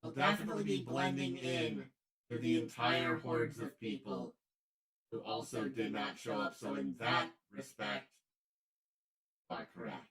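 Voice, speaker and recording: A man hosting a live stream party, animated and prone to sudden loud outbursts. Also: medium pitch, measured pace, recorded from a distance, crowd noise. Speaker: host.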